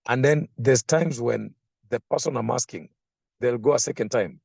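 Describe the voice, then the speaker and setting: A man preaching a sermon, slow and emphatic, repeating phrases for effect. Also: medium pitch, lively intonation, creaky, darkish tone, breathy edge, dry recording.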